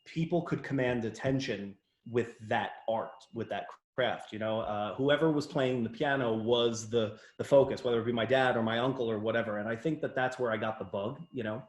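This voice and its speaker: Guy from new york state, jokey and animated, lots of restarts, roomy echo. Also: mid-range voice, normal speed, hardly any pauses. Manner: playful teasing, lively, stumbling restarts. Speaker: guest, business owner. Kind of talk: casual interview. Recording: echoey room.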